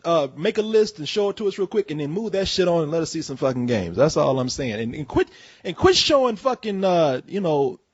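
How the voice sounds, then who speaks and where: A man hosting a casual call-in show, ranting in a profane, animated way with jokey asides. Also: on the high side, a little fast, slightly rough, dry recording. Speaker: host. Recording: dull, muffled audio.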